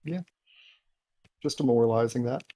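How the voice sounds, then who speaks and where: A man's voice: medium pitch, normal speed, dark tone. A man playing a tabletop game, giving mumbled short replies. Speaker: player. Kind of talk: casual game chat.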